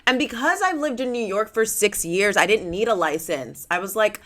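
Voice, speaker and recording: A woman's voice: medium pitch, expressive, normal speed, a bit bright. A woman in her late twenties hosting a casual solo podcast, chatty and self-mocking, with dramatic swings and plenty of "like". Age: late 20s. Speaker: podcast host.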